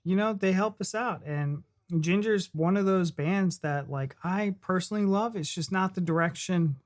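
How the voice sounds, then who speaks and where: A man's voice: high voice, moderate pace. A man co-hosting a live stream, talking loosely and casually with the audience. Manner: loose and chatty, with fillers and restarts. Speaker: co-host of a reaction channel.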